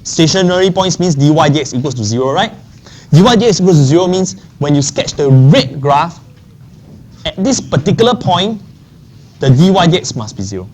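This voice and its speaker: A man's voice: fairly high pitch, sing-song, moderate pace, darkish tone. A man lecturing a maths class. He often checks in with the class and repeats key phrases. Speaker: maths teacher.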